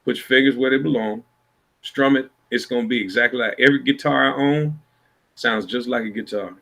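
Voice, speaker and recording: A man's voice: mid-range voice, fairly quick, vocal fry, fairly bright tone. A man from Iowa, a blues musician, telling stories in a laid-back, rambling way over a video call. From Iowa, USA. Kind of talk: casual storytelling chat.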